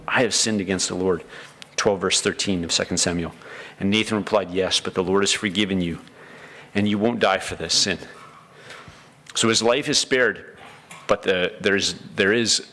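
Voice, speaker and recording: Man, pastor, sermon, lowish gravelly voice, bright edge, earnest. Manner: earnest, acts out the prayers of the story with feeling.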